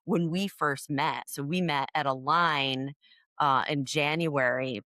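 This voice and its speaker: Brief: woman podcast host, low pitch, dry close mic, eager and talkative, full of fillers. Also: fairly even intonation, takes it slowly, pushed and bright, no room sound. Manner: chatty and enthusiastic, many "like" fillers. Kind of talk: casual interview chat.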